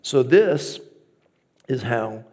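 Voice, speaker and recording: A man's voice: mid-range voice, expressive, extremely slow, darkish tone, breathy edge. A man preaching a conversational, storytelling sermon as pastor, acting out his own inner dialogue.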